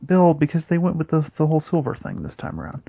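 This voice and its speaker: A man with a somewhat high voice rattles off film opinions at speed, blunt and swearing constantly. The recording is muffled and lo-fi. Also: big pitch swings, fast talker, vocal fry. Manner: profane, blunt. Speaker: podcast co-host. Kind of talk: casual film discussion. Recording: dull lo-fi audio.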